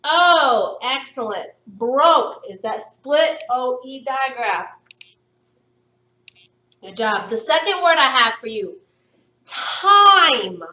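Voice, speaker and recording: Woman phonics teacher, high voice, slow and encouraging, recorded off-mic in a roomy space. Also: lively intonation, bright, forceful tone, distant mic. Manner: slow, stretched-out sounding of words for young pupils; encouraging, upbeat praise. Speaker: primary school teacher. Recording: echoey room, voice somewhat off-mic.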